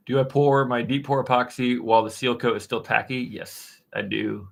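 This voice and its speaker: A man in his thirties hosting a casual live stream, answering chat questions in a relaxed, rambling way with plenty of fillers and restarts. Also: mid-range voice, normal speed, creaky. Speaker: woodworking channel host answering live chat. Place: dark-painted home studio room.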